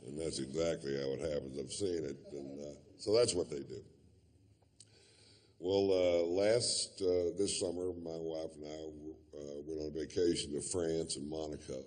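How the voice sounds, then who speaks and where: A man's voice: very deep voice, fairly even intonation, a little slow, darkish tone. A man doing stand-up comedy, telling a long story in a laid-back, profane drawl full of fillers.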